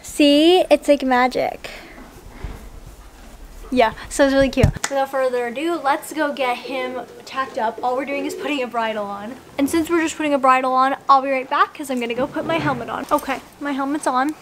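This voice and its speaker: A woman's voice: high voice, moderate pace. A young woman vlogging at a horse barn outdoors, chatting in a bubbly, playful way about her horse. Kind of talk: casual horse barn vlog. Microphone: action camera. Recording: noisy outdoor camera audio.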